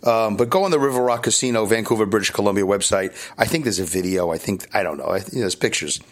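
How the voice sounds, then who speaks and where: A man's voice: lowish voice, fast talker. A man with a Brooklyn accent hosting his podcast from a hotel room, rambling and self-deprecating, with lots of restarts and asides. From New York. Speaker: podcast host. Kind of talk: casual solo podcast monologue.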